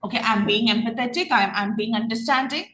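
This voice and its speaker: Bright-voiced woman teaching an English class. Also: on the high side, fast talker, echoey room, slight background noise, low-quality recording. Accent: Malayali English. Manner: questioning, repeats herself, many restarts. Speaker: OET reading trainer. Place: online class.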